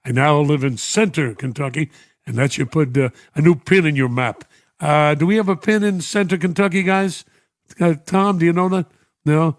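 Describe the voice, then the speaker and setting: Speaking on the high side at a moderate pace, an older New Yorker hosts a US radio show and reads out listeners' messages. He gets emotional and laughs softly a lot, captured dry and in studio quality through a studio mic.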